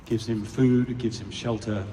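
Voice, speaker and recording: A man's voice: lowish voice, steady tone, a little slow, mellow, far from the mic, slight background noise. An Australian man joking playfully with the audience between songs on a large outdoor stage. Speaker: stage performer. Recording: echoey live venue taped from the crowd. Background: orchestra and audience.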